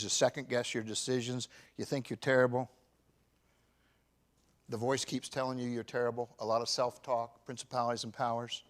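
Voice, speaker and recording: Man, pastor in his fifties, bright tone, medium pitch, preaching in a church, loud emphatic peaks then hushed low passages. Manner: swings from shouted emphasis to quiet confession. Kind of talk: sermon.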